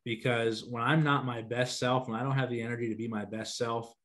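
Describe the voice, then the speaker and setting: A man's voice: medium pitch, steady tone, fairly quick, a bit bright. A man hosting a podcast, explaining steadily and steering the conversation. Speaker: podcast host. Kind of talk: casual podcast talk.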